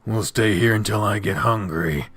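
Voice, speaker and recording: A man voicing a big, affectionate, lazy male bear in a game, speaking gently and teasingly. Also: on the low side, normal speed, breathy edge, faint music behind. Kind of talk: voiced game dialogue.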